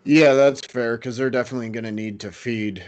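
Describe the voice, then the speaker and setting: A man's voice: medium pitch, fairly even intonation, brisk. A man co-hosting a fantasy football podcast, casually moving between games and asking his partner questions. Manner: easygoing, leads segments with questions. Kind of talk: casual sports analysis chat.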